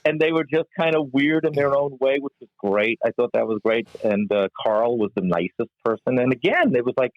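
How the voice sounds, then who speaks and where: A man, a comedian and musician, telling a backstage anecdote in a podcast interview with laughs and halting restarts. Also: mid-range voice. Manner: animated storyteller, laughs often, halting restarts. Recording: dull, lo-fi, dry sound.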